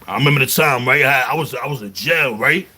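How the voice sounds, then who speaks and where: A man with a Brooklyn accent, telling jail stories in a casual, animated monologue full of slang. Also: medium pitch, a little fast, husky. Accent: New York, Brooklyn. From New York. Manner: animated storytelling, heavy slang, repeats "you heard". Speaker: vlogger.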